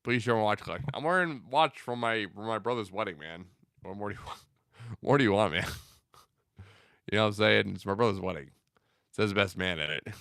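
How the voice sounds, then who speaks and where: A man's voice: lowish voice, animated, fairly quick, gravelly, pauses often, fairly bright tone, dry recording, clean studio sound. A young man hosting a casual livestream, reading out viewer comments in a loose, rambling way with many fillers. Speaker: livestream host.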